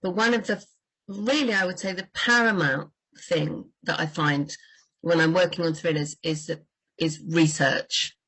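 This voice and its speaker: A woman book doctor talking in a lively, chatty way on a livestream about writing crime fiction. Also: on the low side, a little slow, husky, poor audio.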